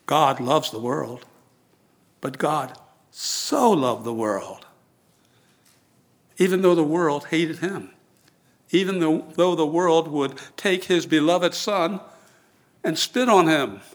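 A man delivers a sermon at an unhurried pace. His voice sits a little high for a man, and he leans deliberately on single words to drive each point home. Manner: slow, earnest, deliberate emphasis. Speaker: preacher. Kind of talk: sermon with sung verse.

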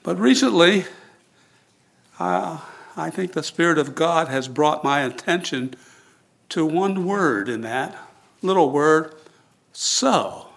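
A man delivers a sermon at an unhurried pace. His voice sits a little high for a man, and he leans deliberately on single words to drive each point home. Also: lively intonation, vocal fry, fairly bright tone. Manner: slow, earnest, deliberate emphasis. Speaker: preacher. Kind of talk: sermon with sung verse.

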